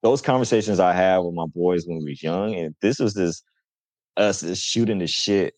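Deep-voiced man in loose slangy chat. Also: moderate pace, darkish tone, no echo. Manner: loose, slangy, full of "like" fillers. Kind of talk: casual chat.

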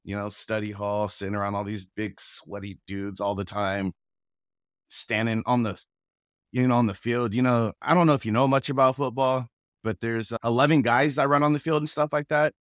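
A man's voice: mid-range voice, normal speed, no room sound. Laid-back storytelling man, dry sound. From Pacific Northwest, USA. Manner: relaxed, chuckles often, acts out quoted voices. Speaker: guest, rapper and actor. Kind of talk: casual conversational storytelling.

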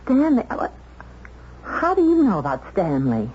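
A woman's voice: mid-range voice, huge pitch swings, unhurried, husky, exaggerated voice. A woman playing a timid, prim young secretary in a 1970s radio drama, often stammering when flustered. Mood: startled. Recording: dull old radio broadcast with faint hiss.

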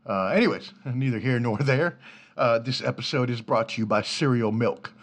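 A man's voice: medium pitch, moderate pace. A man in his thirties from the Washington, D.C. area, hosting his own podcast from a home studio in an apartment, talking in a loose, profane, easygoing way and laughing easily. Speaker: podcast host. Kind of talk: casual solo podcast rambling. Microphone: studio mic through a preamp.

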